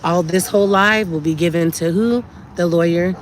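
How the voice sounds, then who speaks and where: A woman's voice: on the low side, moderate pace, a little hiss or hum. A woman talking urgently and indignantly to her viewers on a live stream from a car, often repeating herself. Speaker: livestreamer.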